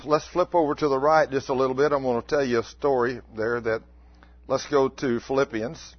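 A man, preaching a folksy, animated sermon. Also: medium pitch, normal speed. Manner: folksy, animated, acts out mock complaints. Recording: dull lo-fi recording.

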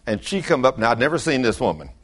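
A man's voice: medium pitch, quick pace. An older man, preaching a folksy sermon full of acted-out stories. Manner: animated storyteller, acts out quotes loudly.

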